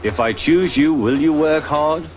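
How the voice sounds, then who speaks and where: A man voicing a brisk, kindly male railway boss in a children's storybook, firm but encouraging. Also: on the high side, slight background noise, pitched above the performer's own voice, natural voice. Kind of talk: storybook narration with character voices. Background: background music.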